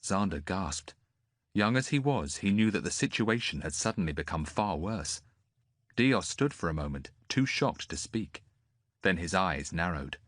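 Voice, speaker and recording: A male narrator reads an audiobook in a deep voice with lively, shifting intonation. The recording is dry and close. His delivery is expressive and varied. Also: a little slow, dry recording.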